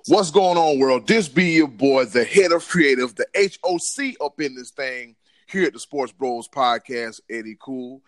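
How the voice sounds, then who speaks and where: A man's voice: medium pitch, expressive, measured pace, no room sound, faint music behind. A man hosting a casual sports podcast, hyped up, slangy and self-mocking. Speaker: podcast host.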